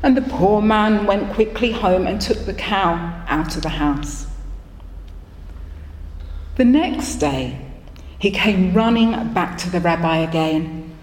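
A woman telling a folk story slowly and expressively during a worship service. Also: on the low side, a little hiss or hum. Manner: slow, expressive. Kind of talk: told story. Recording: echoey hall with long reverb.

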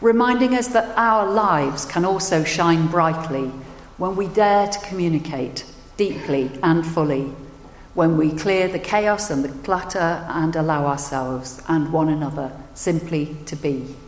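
A woman minister giving a sermon and leading a prayer, telling stories in a measured, gentle way. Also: low-pitched, a little hiss or hum. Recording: echoey hall with long reverb.

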